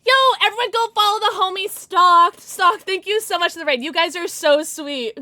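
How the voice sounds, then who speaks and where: Woman, streamer, casual live chat, giggly, bubbly, high voice, very animated pitch. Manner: bubbly, giggly, greets chatters rapidly. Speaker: Twitch streamer.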